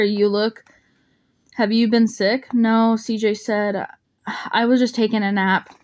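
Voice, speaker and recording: A woman narrating an audiobook, voicing the dialogue lightly, with small slips and restarts. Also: mid-range voice. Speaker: audiobook reader.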